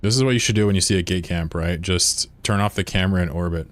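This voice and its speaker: Low-voiced man rambling on a game stream. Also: fast talker, dry recording. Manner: rambling, swears freely, talks to chat. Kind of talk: casual live-stream chat while gaming. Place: room at home with a window.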